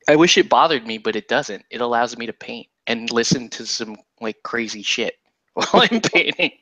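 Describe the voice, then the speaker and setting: Laid-back bright-voiced man chatting. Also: medium pitch, lively intonation, moderate pace, dry recording, poor audio. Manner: laid-back, swears casually, laughs often. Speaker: stream host painting miniatures. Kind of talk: casual chat while painting.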